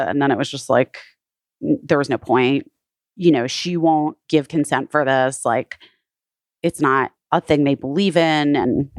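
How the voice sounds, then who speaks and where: Low-pitched woman, podcast guest, chatty storytelling full of "like", dry close sound. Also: no room sound. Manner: frequent "like" fillers, retells others' words. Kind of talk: casual personal storytelling.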